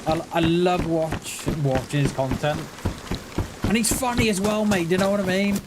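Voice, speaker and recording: This man's high-pitched voice stays steady at a moderate pace as he chats casually through a gaming livestream. He rambles, chuckles a lot, and makes self-mocking comments over a noisy background.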